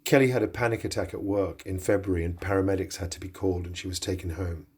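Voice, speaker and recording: Low husky male narrator. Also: steady tone, fast talker. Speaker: podcast host and narrator. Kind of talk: scripted narration.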